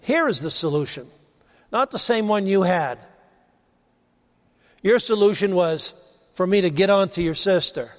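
A man preaching a sermon, rising to emphasize points and dropping low and quiet on key phrases. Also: animated, unhurried, pauses often, in a large hall.

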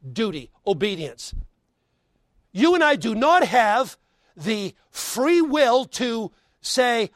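A male pastor preaching a sermon and leading a closing prayer and altar call, swinging between loud emphasis and hushed tones, with folksy asides between scripture readings. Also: extremely high pitch, sing-song, slow, no room sound.

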